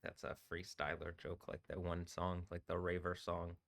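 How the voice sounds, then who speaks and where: A man's voice: low-pitched, completely flat delivery, moderate pace, vocal fry. A man rambling and swearing on a live stream, often breaking into laughter. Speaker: livestreaming DJ.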